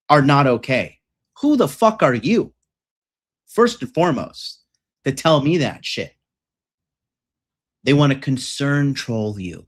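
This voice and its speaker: A man coaching on dating and success in a ranting monologue, profane, boastful and combative. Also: fairly high pitch.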